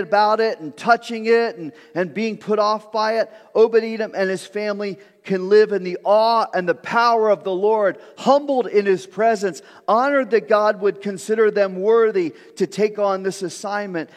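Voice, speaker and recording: High-voiced preacher in a reverberant hall. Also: male voice. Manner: earnest, animated storytelling with repeated words at starts. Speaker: pastor. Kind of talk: sermon. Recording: long reverb of a large room.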